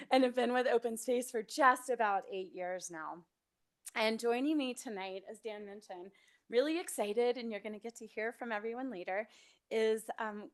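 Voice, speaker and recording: A middle-aged woman, an education and outreach manager, gives an upbeat, welcoming formal presentation at a city board meeting. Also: mid-range voice.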